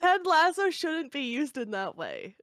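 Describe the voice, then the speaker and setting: A woman co-hosting a casual podcast who cuts in with dry, offhand jokes. She speaks slowly, and the recording sounds close and dry. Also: sits high, very animated, fairly bright tone, dry recording. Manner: dry wisecracking interjections. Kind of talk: casual chat.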